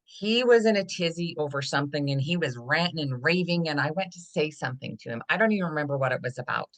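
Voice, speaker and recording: A woman guest on a podcast, a body trust coach, telling stories in a lively way and acting out what people said. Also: deep voice, fast. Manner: animated storytelling, acting out dialogue. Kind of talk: casual podcast conversation.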